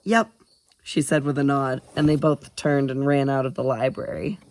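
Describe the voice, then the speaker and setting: A man reading a novel aloud as an audiobook narrator, in an even storytelling way. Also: medium pitch, normal speed. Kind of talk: scripted narration.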